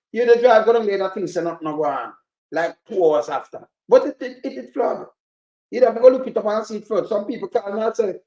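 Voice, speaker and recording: Rambling Jamaican man in a roomy echo. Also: high-pitched. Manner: animated, rambling, swears. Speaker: commentator reacting to a clip. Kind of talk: casual reaction commentary.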